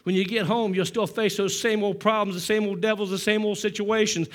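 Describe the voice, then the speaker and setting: A man with a high voice preaches to his congregation, calling for responses and answers. He drops to a hushed, breathy storytelling tone, then climbs back into loud, ringing exhortation. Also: steady tone, brisk. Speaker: pastor. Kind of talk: sermon.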